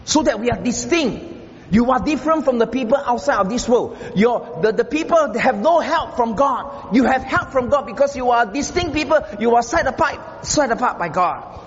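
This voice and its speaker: A man preaching a sermon as pastor, emphatic and repetitive, swinging from loud stressed phrases to low murmurs. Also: animated, normal speed. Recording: dull roomy hall sound with faint background noise.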